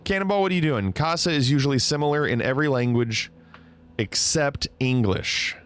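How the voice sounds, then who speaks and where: A man's voice: mid-range voice, normal speed, fairly bright tone. A man casually chatting on a livestream, reading out viewer comments, teasing and laughing often. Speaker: streamer.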